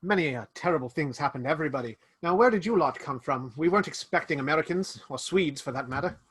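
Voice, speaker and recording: A man voicing a posh, menacing British gentleman in a Victorian suit, speaking with mock courtesy. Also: on the high side, lively intonation, fast talker, husky. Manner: polished, mock-courteous, threatening.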